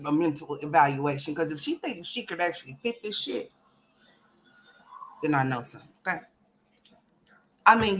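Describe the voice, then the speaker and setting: A woman with a fairly low, bright, forceful voice hosts a casual reaction commentary channel. She's blunt, profane and teasing, putting on playful mock outrage.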